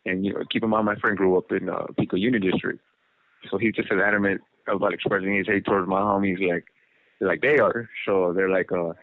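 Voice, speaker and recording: A man's voice: low-pitched, steady tone, fairly quick, dry recording. A man from Los Angeles, serving a prison sentence, telling his life story in a casual, rambling way over a phone call, with lots of fillers like "you know" and "like". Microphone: telephone. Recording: tinny prison phone line.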